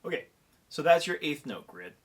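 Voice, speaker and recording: A man's voice: on the high side, big pitch swings, normal speed. A man giving a percussion lesson who counts beats aloud and keeps checking in with the listener. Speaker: percussion clinician. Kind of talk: instructional demonstration.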